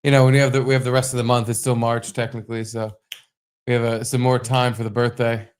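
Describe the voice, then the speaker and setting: A man's voice: mid-range voice, flat delivery, fast talker, a little mellow, smooth. A young man co-hosting a casual podcast from a home studio, rowdy and full of swearing and mock toasts. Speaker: podcast co-host. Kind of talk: casual chat.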